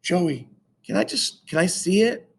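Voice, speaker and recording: A man's voice: high-pitched, lively intonation, unhurried, gravelly, breathy edge, voice pushed up, full character voice. A man reading aloud, voicing a doting fourth-grade girl who fawns and gushes. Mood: fussing. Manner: breathless, doting and fawning.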